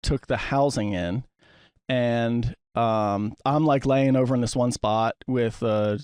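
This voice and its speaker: A man hosting a casual chat, recounting events in an animated way with plenty of fillers. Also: medium pitch, slow pace, clean tone, dry recording. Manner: animated storytelling, frequent fillers. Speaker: podcast host.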